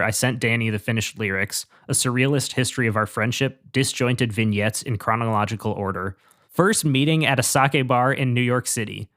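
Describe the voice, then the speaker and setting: A man's voice: medium pitch, fairly bright tone, no room sound, clean studio sound. A man hosting a music podcast, reading out prepared notes and then chatting casually with his co-hosts. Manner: reads liner-note stories, then chats and jokes. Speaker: podcast host.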